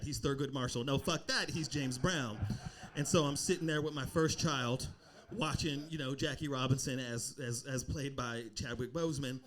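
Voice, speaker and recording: A young adult man performing a standup comedy set on a club stage, telling a story and acting out the people in it. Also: mid-range voice. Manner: animated storytelling, acting out voices.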